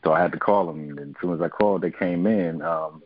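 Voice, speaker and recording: A man giving an earnest, halting personal testimony on a family prayer line. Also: deep voice, fairly even intonation, dry recording, muffled recording.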